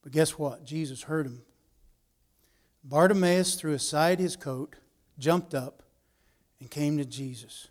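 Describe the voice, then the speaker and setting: A man preaching a sermon, dropping to quiet asides and rising to emphatic, raised passages. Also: fairly high pitch, slow, pauses often.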